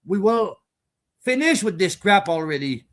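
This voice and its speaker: Man, host, angry profane rant, high voice, broken grammar. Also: sing-song, unhurried. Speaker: channel host. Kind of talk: casual rant.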